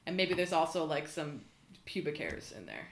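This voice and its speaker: A woman who is a guest on a comedy podcast, telling jokes in a deadpan, playful way. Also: sits low, normal speed, creaky. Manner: deadpan, jokey storytelling. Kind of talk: casual comedy podcast chat.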